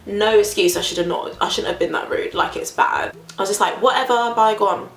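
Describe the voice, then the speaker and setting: A woman vlogger telling a casual story, dramatic and animated, acting out quoted voices. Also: fairly low pitch, fairly quick, reverberant.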